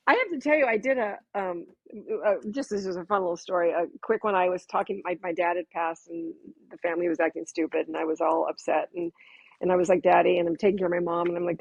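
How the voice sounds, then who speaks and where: Woman guest, husky voice, dry dull call audio, animated storyteller. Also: lowish voice, quick pace, no echo. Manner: animated, laughs often, acts out her own reactions. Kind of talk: casual conversational storytelling.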